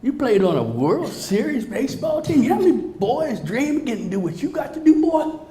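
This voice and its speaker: A man doing a big, stern night-shift nurse, bossy and scolding. The voice jumps up high and lively as she lays into her patient. A roomy hall reverb hangs around every line. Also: fairly quick, a little hiss or hum. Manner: scolding, calls him boy.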